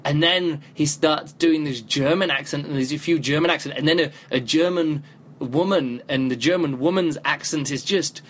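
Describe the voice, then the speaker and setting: Male podcast host, slightly higher voice, loose rambling review style, phone mic. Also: normal speed, a bit bright. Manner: rambling, thinks aloud, frequent restarts. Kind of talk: casual spoken review.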